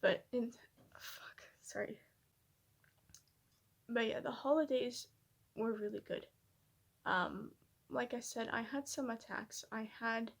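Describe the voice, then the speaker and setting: A woman vlogger talking candidly and reflectively to her camera, hesitant and soft-spoken, with many fillers and restarts. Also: a little high. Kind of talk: personal reflective vlog.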